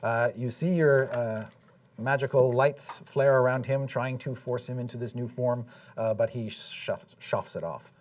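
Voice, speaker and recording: A man's voice: medium pitch, fairly even intonation, measured pace, recorded from a distance. A man running a tabletop game as dungeon master, describing scenes with frequent fillers.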